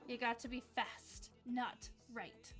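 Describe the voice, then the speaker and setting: A woman's voice: fairly high pitch, steady tone, slow, fairly bright tone, soft background music. A young woman hosting a casual livestream trivia game, chatty and upbeat, dropping "like" often as she talks to viewers.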